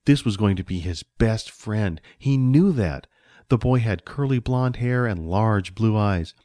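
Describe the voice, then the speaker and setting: A man reading a children's story aloud with expressive storytelling. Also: lowish voice, unhurried, no echo, clean studio sound. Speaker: narrator.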